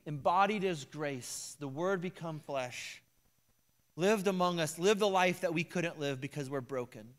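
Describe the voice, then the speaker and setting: A male pastor delivering a sermon, moving between loud emphatic preaching and hushed personal confession. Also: fairly high pitch. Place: church sanctuary.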